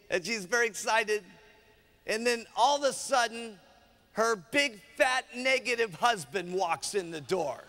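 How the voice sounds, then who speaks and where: Energetic man speaking at a rally, high gravelly voice, long hall reverb. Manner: energetic, punchy, keeps asking "okay?". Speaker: motivational speaker. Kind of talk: motivational seminar talk.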